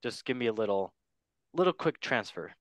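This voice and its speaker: A man hosting a casual, jokey football talk show, swinging between loud bits and quiet asides. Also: on the low side, very animated, normal speed, dry recording. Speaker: host. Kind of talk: casual comedic sports chat.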